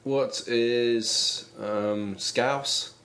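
A man's voice: mid-range voice, steady tone, drawn-out words, fairly bright tone. A man playing a quiz contestant in comedy banter, dry and nitpicking about the questions.

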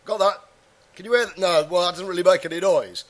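Guy with a cold and a high voice, goofing around on a podcast, rambly. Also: fast. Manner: jokey, puts on silly voices, rambling. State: has a head cold and sore throat. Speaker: podcast co-host. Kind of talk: joking casual chat.

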